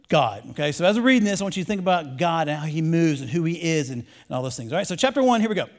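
A young man preaching a sermon, reading scripture aloud and then urging listeners to repeat lines back to him in a casual, energetic way. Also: a little high, quick pace. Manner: energetic, calls for congregation to repeat after him; casual preacher talk with restarts. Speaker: pastor.

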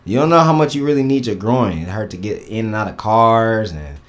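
A man's voice: lowish voice, lively intonation, a little fast. A man hosting a casual podcast with friends, loose and laid-back, often trailing off mid-sentence. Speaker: podcast host.

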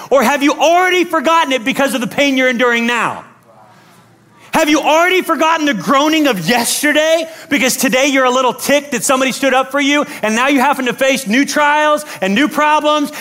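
A man preaching a sermon as pastor in an energetic, blunt and playful way. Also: very high voice.

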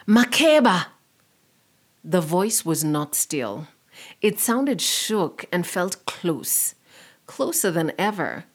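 A woman narrating a story in a measured, expressive way. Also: lowish voice.

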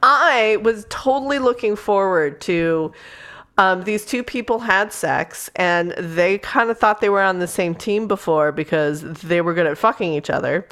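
Profane, animated woman reviewing a book. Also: mid-range voice, a little slow. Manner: animated, profane, acts out characters' lines. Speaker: podcast co-host. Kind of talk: casual book review chat.

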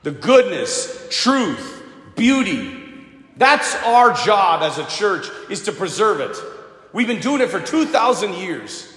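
Man preaching a sermon, lively swooping delivery, slightly high voice, big echoey church hall with long reverb. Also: takes it slowly. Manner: animated storytelling with put-on voices for quoted people.

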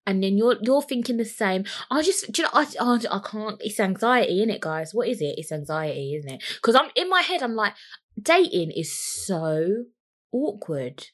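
A woman's voice: mid-range voice, lively intonation, fairly quick, fairly bright tone. A young woman hosting a solo podcast, rambling, cheeky and swearing freely as she chats into the microphone. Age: young adult. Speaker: podcast host.

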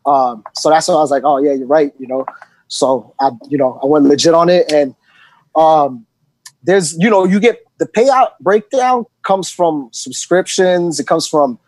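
A guest DJ with a New York accent chats casually on a podcast, rambling with lots of ums and you-knows. His voice is fairly high and darkish in tone, unhurried, with no room sound.

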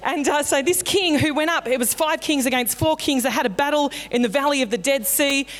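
A woman's voice: high voice, brisk. Woman pastor preaching in a reverberant hall. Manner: conversational, playful storytelling. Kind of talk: sermon. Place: church auditorium. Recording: long hall reverb in a church.

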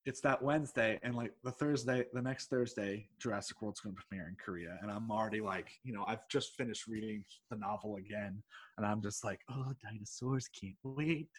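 A man who teaches English telling a personal story in a rambling, excitable way, swearing freely and laughing mid-sentence. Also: fairly low pitch, brisk. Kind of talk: casual anecdote telling.

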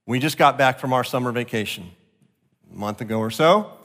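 A man preaching a sermon as pastor, expressive, jumping up in pitch to act out quotes. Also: fairly quick. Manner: expressive, acts out quotes with sharp jumps in pitch. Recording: long reverb of a large hall.

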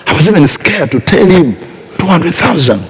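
A male pastor with a high, wildly swooping voice, delivering a sermon in unhurried, drawn-out phrases. He moves from quiet asides to shouted exhortation, and his voice rings through a church hall with a long reverb. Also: lively intonation. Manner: emphatic, swinging from soft to shouted.

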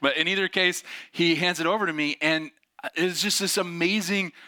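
A man's voice: high-pitched, steady tone, normal speed, pushed and bright. A man preaching a sermon with a personal story, emphatic and asking rhetorical questions. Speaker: pastor.

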